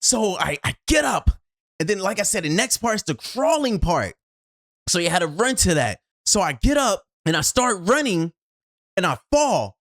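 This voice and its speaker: Lively, animated storyteller on shotgun mic. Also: normal speed. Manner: expressive, acts out own reactions, swings from loud to low. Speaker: video host. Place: home studio.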